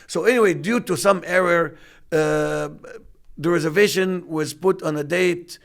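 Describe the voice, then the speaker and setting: A man in his fifties telling a business story in a relaxed chat, acting out what people said. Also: fairly high pitch, measured pace. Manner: animated storyteller acting out quotes. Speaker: podcast co-host. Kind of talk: casual storytelling.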